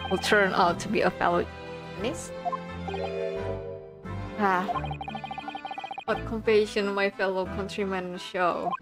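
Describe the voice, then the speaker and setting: Over game music, a woman with a fairly low pitch voices a young male student poet. The character is paranoid and theatrical, bursting into melodramatic, alliterative outbursts.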